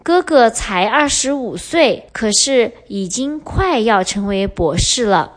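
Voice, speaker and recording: A young woman hosting a podcast lesson, explaining clearly and switching between English and Mandarin. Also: fairly high pitch, lively intonation, slow. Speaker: podcast host and Chinese teacher.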